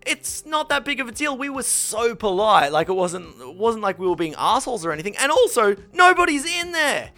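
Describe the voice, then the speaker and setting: A young man in casual podcast chat, telling a story with lots of swearing and acting out quotes in a high voice. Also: big pitch swings, a little fast, few pauses, pushed and bright, soft background music. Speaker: podcast host.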